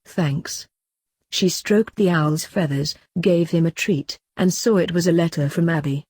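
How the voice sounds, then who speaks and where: A woman reading fanfiction aloud as scripted narration, keeping an even reading voice even through the dialogue. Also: lowish voice, moderate pace, no echo. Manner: reads dialogue aloud with little change of voice. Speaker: fanfiction reader.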